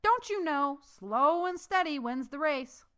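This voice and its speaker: A woman voicing a boisterous, slightly drunk male ex-Marine who booms and teases. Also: animated, a little slow, a bit bright. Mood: boisterous teasing. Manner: booming, teasing.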